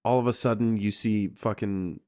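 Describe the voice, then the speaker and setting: A man's voice: fairly low pitch, normal speed, clear, resonant tone. A man co-hosting a podcast, chatting casually about a movie and reacting with plenty of swearing. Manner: swears freely, animated reactions. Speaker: podcast co-host.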